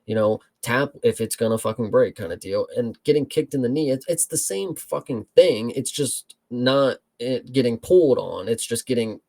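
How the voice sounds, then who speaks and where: Gravelly-voiced man, blunt fight talk. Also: medium pitch, animated, moderate pace, hardly any pauses, darkish tone. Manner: blunt, swears freely, calls listener bro. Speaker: podcast co-host. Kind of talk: casual chat, fight analysis.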